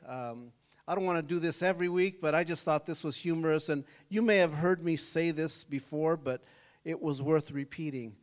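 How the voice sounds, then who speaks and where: High-voiced pastor telling a story. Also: male voice. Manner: storytelling preacher, swings from soft to shouting; calls for congregation responses. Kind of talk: sermon. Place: church service.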